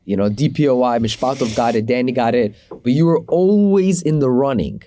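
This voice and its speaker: A man's voice: mid-range voice, expressive, brisk, mellow. A man co-hosting a casual sports talk show, hyping up a guest. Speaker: co-host.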